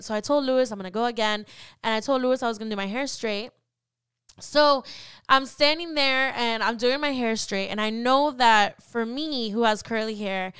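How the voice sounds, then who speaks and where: Heartfelt woman, smooth clear voice. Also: on the high side, fairly bright tone, no echo, clean studio sound. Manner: heartfelt, gets emotional at times. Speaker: podcast host. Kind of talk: personal storytelling.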